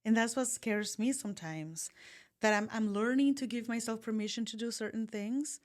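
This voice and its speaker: A woman's voice: on the high side, normal speed. A woman co-hosting a podcast, speaking in an open, thoughtful way and sometimes searching for her words. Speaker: podcast co-host. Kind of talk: casual conversation.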